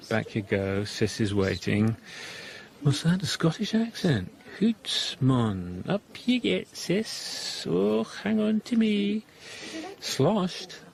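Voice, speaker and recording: An actor in his thirties playing a sardonic husband with a dry, mocking humour in a radio drama. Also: fairly low pitch. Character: wry, sardonic English husband on holiday. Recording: radio broadcast with hiss.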